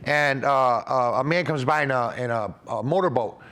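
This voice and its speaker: A man's voice: mid-range voice, normal speed, a bit bright. A man hosting an explanatory talk, earnest and rambling with many restarts. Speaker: host. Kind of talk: explanatory talk on religious ideas.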